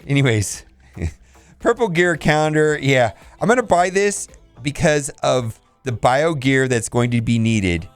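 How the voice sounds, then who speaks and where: Man, casual game commentary, blunt, animated, dry sound, faint music. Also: mid-range voice, no echo. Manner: blunt, animated verdicts with laughs. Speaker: game channel host reviewing store offers.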